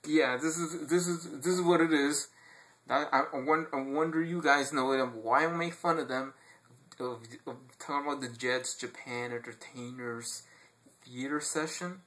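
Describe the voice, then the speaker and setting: A man telling his own jokes in a rambling, halting way, often repeating words and restarting. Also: fairly high pitch, steady tone, a bit bright. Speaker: amateur joke teller. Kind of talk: rambling self-made joke telling.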